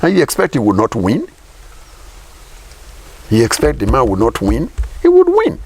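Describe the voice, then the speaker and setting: A man's voice: medium pitch, sing-song, moderate pace, slight background noise. A middle-aged Nigerian man giving political commentary in an interview, emphatic, firing rhetorical questions and repeating his points.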